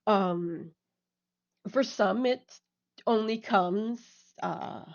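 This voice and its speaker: A woman chats casually during a voice roleplay, often rambling, giggling and backtracking. Her voice sits in a middle pitch range. The recording is slightly dull and lo-fi. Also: drawn-out words, creaky. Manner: rambling, giggly, self-correcting. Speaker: roleplay partner.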